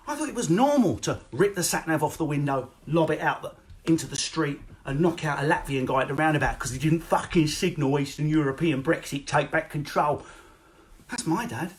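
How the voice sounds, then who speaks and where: Brash male stand-up, quick and sweary, animated storyteller, streaming from home on a webcam. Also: a little high. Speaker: stand-up comedian. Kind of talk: live-streamed stand-up set. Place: home, indoors. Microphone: phone or webcam.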